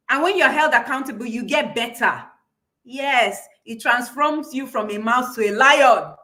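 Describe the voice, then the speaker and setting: A woman's voice: high-pitched, pushed and bright. A woman public speaking coach teaching a live-streamed class, emphatic and repeating key phrases for her followers.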